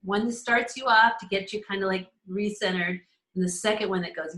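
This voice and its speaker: A woman's voice: mid-range voice, a little fast, a bit bright. A woman hosting a casual live astrology call, enthusiastic and laughing often as she speaks to members by name. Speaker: host of an astrology community call. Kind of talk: casual live teaching chat. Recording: roomy echo.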